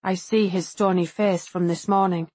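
A woman narrating a first-person audiobook in a measured, introspective way, lightly voicing the other characters. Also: on the low side, fairly even intonation, mellow, no echo.

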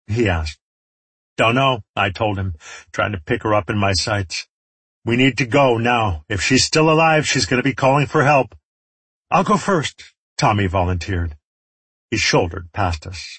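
A man's voice: lowish voice, fairly bright tone, slightly rough, no room sound. A man reading a first-person story aloud, with wry, sardonic asides. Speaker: audiobook narrator. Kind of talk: first-person audiobook narration.

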